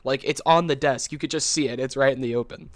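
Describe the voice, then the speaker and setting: A young man co-hosting a podcast, telling a story in a rambling, animated way, full of fillers and quick laughs. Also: medium pitch, no echo, clean studio sound. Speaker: podcast co-host. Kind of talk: casual storytelling chat.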